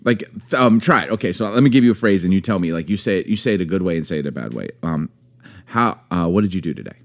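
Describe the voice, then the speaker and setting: Man, low voice, very animated pitch, casual couple chat, acts out phrases, laughs often. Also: quick pace. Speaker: podcast co-host with his wife.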